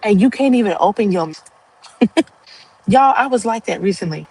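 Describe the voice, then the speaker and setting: A woman's voice: medium pitch, lively intonation, moderate pace, a little mellow, husky, poor audio. A woman hosting a livestream, talking to viewers in a casual, heartfelt monologue. She rambles earnestly and laughs often. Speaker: livestream host.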